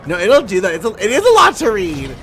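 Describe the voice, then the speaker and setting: A bubbly young woman chatting casually on a live game stream, playful and giggly with a swear here and there. Her pitch bounces animatedly from high to low. Faint game music runs underneath. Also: huge pitch swings, fast talker, fairly bright tone. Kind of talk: casual live-stream chat while gaming.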